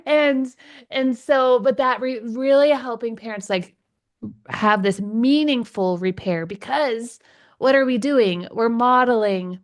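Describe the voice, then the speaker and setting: A woman's voice: fairly high pitch, takes it slowly. A woman in her forties, a parenting coach and podcast host, talking enthusiastically in an interview and laughing often. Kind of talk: conversational interview.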